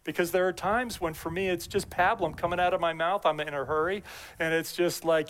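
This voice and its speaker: A middle-aged man preaches in a relaxed, conversational way, circling back to repeat his key phrases. His voice sits a little higher than most men's. He drops in personal asides between the readings. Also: a little fast, slight background noise. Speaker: pastor. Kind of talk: sermon.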